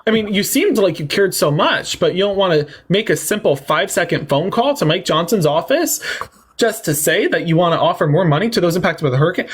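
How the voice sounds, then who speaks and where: A man hosting a livestream political debate, talking fast, mocking and sarcastic, with theatrical swings in tone. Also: high voice, animated, breathy edge.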